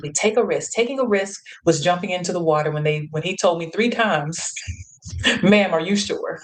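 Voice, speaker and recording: A woman hosts a live show and tells a personal story in a relaxed, motivational way. She laughs often and jumps into the voices of the people in her story. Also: on the low side, low-quality recording. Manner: animated, laughs often, acts out quotes. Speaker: host.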